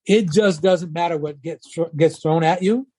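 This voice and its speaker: In a dry recording, a retired baseball coach, now an older man, speaks unhurriedly in a voice on the high side. He tells stories for an interview, vividly performing the voices of those he quotes.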